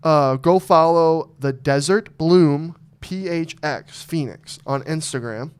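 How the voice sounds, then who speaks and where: A man's voice: fairly high pitch, slow, clear, resonant tone. A man hosting a podcast, telling rambling stories in loose, profane casual chat. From Arizona. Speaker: podcast host.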